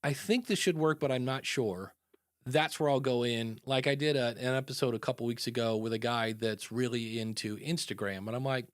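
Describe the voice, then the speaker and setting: A man hosting a podcast in casual chat, animated and acting out quoted voices. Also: medium pitch, normal speed, no room sound, studio quality. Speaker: podcast host.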